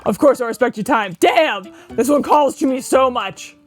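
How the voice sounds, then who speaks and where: A woman casually commenting while playing a video game, excitable, swearing, laughing and mimicking characters. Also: high-pitched, moderate pace, soft background music. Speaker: gaming streamer. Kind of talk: casual let's play commentary.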